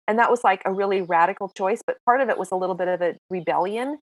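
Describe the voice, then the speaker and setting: Woman, 60s, podcast guest, animated self-mocking storyteller, mid-pitched, dry sound. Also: quick pace, no room sound. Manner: lively, self-mocking storyteller who acts out dialogue. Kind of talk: casual interview storytelling.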